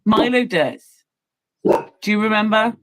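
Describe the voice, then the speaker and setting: A woman's voice: mid-range voice, slow pace, a bit bright, low-quality recording. A woman in casual chat, teasing and playful, laughing often.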